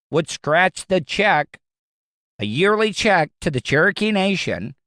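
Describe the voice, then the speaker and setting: A man's voice: high-pitched, a bit bright, no room sound, studio quality. A man with a Southern American accent, hosting his own podcast with blunt, rambling opinions. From Southern United States. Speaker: podcast host. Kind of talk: casual opinion talk.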